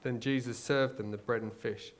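A male preacher delivering a sermon, moving from quiet storytelling to loud, urgent exhortation. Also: medium pitch, steady tone, normal speed.

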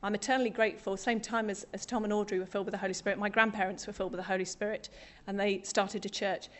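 A woman's voice: mid-range voice, flat delivery, quick pace, fairly bright tone. A middle-aged woman from Britain preaching a sermon to a congregation, conversational and self-deprecating with humour.

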